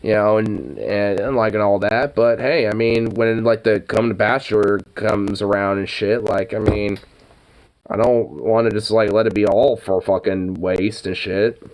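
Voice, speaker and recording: A man's voice: fairly low pitch, fairly even intonation, measured pace, darkish tone, a little hiss or hum. A man casually commenting on an old newspaper, rambling with lots of fillers, laughing and swearing.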